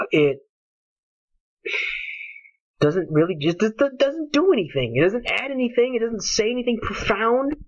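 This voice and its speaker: A man's voice: extremely high pitch, expressive, a little slow, pauses often, fairly bright tone, no echo. A man ranting angrily about a game, with passionate, profane talk. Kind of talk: heated solo rant. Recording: dull lo-fi home recording.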